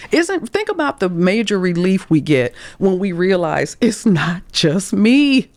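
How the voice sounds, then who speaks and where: A woman's voice: medium pitch, measured pace, no room sound. A middle-aged woman career coach telling candid stories on a podcast, acting out the quoted voices and dropping to whispers. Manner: animated, acts out quoted speech, drops to whispers.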